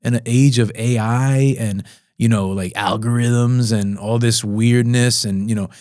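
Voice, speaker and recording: A man hosting a podcast in casual conversation, animated and playful, often jumping into goofy higher voices when he quotes himself. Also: a little slow, no room sound, studio quality. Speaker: podcast host and fence sales director.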